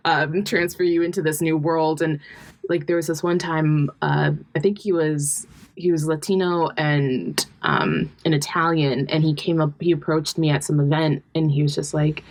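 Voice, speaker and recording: A woman's voice: low-pitched, normal speed, no echo. A young woman co-hosting a podcast, speaking reflectively and thinking aloud in casual chat. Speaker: podcast co-host.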